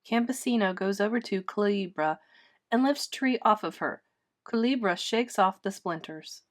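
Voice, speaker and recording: A woman teacher reading a children's play aloud, clearly and steadily. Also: medium pitch, moderate pace.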